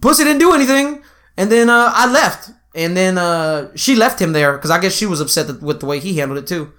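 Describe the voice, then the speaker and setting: Animated young man telling a story. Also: high voice, brisk. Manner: animated storytelling with profanity and slang. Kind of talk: casual chat.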